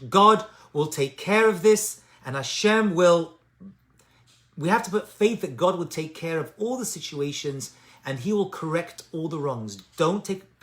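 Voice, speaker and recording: A man's voice: fairly high pitch, a bit bright. A man delivers an informal talk on addiction recovery and spiritual growth. His delivery is conversational and personal, full of "right?" and "you know." He drives his points home by repeating the key phrases. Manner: emphatic repetition of key phrases.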